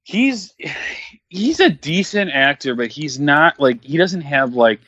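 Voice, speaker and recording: A man's voice: on the high side, animated, takes it slowly, bright, forceful tone, dry recording. A man co-hosting a casual movie-watching commentary show, talking bluntly and profanely with a lot of fillers. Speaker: podcast co-host. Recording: dull, muffled recording.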